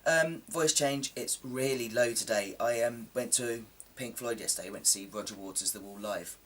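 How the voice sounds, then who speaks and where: A man's voice: medium pitch, moderate pace, a bit bright, recorded from a distance. A man in casual chat to camera, rambling and self-deprecating with plenty of ums, his voice a little coarse from a sore throat. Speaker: vlogger.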